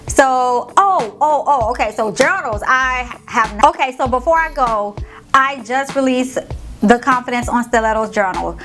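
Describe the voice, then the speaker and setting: A woman's voice: on the high side, a bit bright. A woman vlogger, giving a sassy, slangy motivational pep talk to her viewers. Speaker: motivational vlogger and podcast host. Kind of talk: casual motivational talk to camera.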